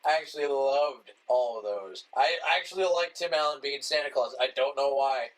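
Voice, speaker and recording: A man's voice: mid-range voice, normal speed, poor audio. A man co-hosting a casual movie podcast, riffing with profanity and mocking retellings of plots. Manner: animated, swearing, mocking retellings. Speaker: podcast co-host.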